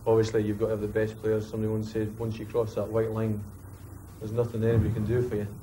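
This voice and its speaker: A man, a former footballer telling a lively anecdote in an interview. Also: fairly low pitch, fast, a little hiss or hum. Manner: animated, mimics others while telling a story. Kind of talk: storytelling anecdote.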